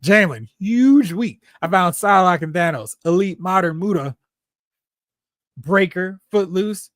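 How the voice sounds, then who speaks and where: Excitable chatty man, dry close sound. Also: high voice, normal speed, no echo. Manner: chatty, excitable, reads viewer comments aloud. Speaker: host of a toy collecting show. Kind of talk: casual live-stream chat reading comments.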